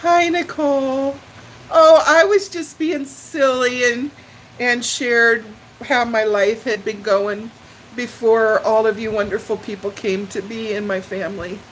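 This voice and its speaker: An older woman talks slowly to viewers on a live vlog, her voice a little high and often near tears. She gushes with heartfelt thanks over a faint hum of room noise. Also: fairly even intonation, low-quality recording. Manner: emotional, tearful and gushing. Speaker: livestream vlogger. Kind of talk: casual live chat with viewers.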